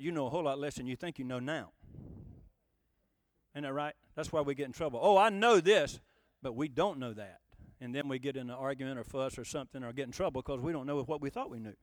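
A man's voice: medium pitch, no echo. A male pastor preaching a conversational, folksy sermon, asking the congregation rhetorical questions. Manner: folksy, emphatic.

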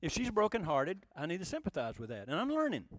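A man's voice: sits high, wildly swooping pitch, quick pace, no echo. A male pastor preaching a conversational, folksy sermon, asking the congregation rhetorical questions. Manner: folksy, emphatic.

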